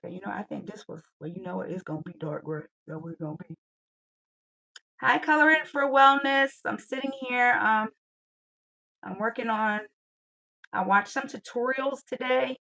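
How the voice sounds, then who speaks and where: Woman, Southern US accent, casual livestream host, chatty, talks to herself, creaky fry. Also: on the high side, animated, normal speed, long pauses, sharp tone, poor audio. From Georgia, US. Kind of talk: casual livestream chat while coloring.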